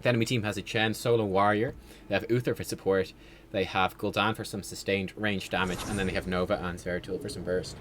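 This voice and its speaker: A man with a lowish voice talks through a video game stream in a loose, chatty way, wandering between thoughts and filler words. Now and then he bursts out excitedly at the action. A faint hiss sits under his voice. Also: fast. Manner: chatty, rambling, with fillers and sudden excited outbursts. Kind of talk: casual livestream gameplay commentary.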